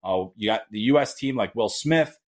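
A man's voice: on the low side, lively intonation, normal speed. A man hosting a hockey prospect podcast, talking casually and loosely with frequent fillers and restarts. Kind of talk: casual solo podcast talk.

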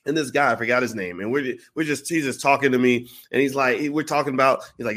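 A man's voice: mid-range voice, fast talker, hardly any pauses. A man casually telling a long, profane personal story, acting out the voices of the people in it. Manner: animated, profane, acts out quoted voices.

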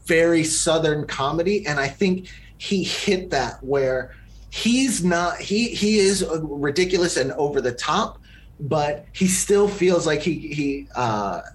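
A man's voice: fairly high pitch, animated, slow pace, a little hiss or hum. A man co-hosting a podcast, talking through a film in a rambling, casual way that is full of fillers and restarts. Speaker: podcast co-host. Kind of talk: casual movie review chat.

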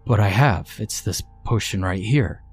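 A man's voice: fairly low pitch, measured pace, a little mellow, soft background music, natural voice. A man doing an eager, insistent inventor. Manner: earnest, insistent. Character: eager male inventor with a miracle potion.

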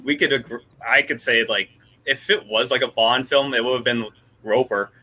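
A man talking in a casual panel discussion, halting and restarting his sentences. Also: mid-range voice, steady tone, sharp tone, slight background noise. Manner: halting, restarts often, laughs easily.

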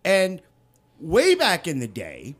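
Man, podcast co-host, casual banter, blunt, swears a lot, high and animated. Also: takes it slowly. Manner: blunt, argumentative, heavy swearing. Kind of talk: casual chat.

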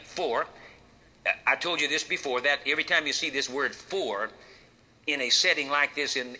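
A man preaching a sermon, folksy and emphatic, with dramatic pauses and rhetorical questions. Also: mid-range voice, sharp tone.

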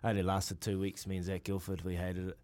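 Easygoing young New Zealand radio host. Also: male voice, deep voice, fast talker, clear, resonant tone. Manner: relaxed, self-mocking, slang-heavy. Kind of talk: casual radio chat.

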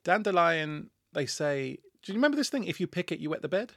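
A man's voice: fairly high pitch, sing-song, brisk, fairly bright tone, no room sound. A man co-hosting a podcast in a studio, chatting in a camp, playful, teasing way with frequent giggles. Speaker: podcast co-host. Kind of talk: camp, bantering casual chat.

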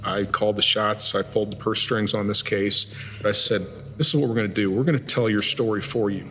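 A man's voice: on the low side, a little fast, big-room sound, a little hiss or hum. A man, a former FBI agent, recounting an interrogation in an interview, telling it with rising intensity. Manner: animated storytelling, voice rising in intensity.

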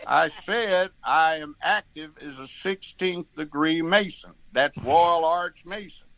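A man in a heated online argument, answering defiantly and slowly. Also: a little high, a bit bright, no room sound. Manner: defiant, slow and deliberate. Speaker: debater.

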